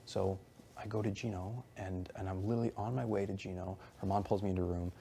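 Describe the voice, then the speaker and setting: A man's voice: sits low, steady tone, fast, creaky, mellow, a little hiss or hum. A young man in casual conversation, retelling events in a rambling, heated way, quoting others and swearing often. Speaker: reality show houseguest.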